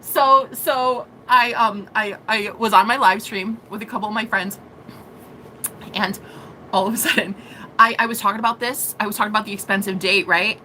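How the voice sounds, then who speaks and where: A woman's voice: mid-range voice, steady tone, moderate pace, pushed and bright, slight background noise. A woman, a psychic reader, telling a story in a casual vlog. She giggles a lot, talks animatedly and swears freely.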